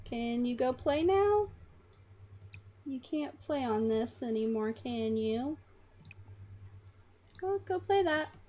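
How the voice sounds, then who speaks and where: High-voiced woman chatting over gameplay. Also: expressive, dark tone. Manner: chatty, voices her characters in quick asides. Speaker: gaming channel host. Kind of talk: casual game commentary.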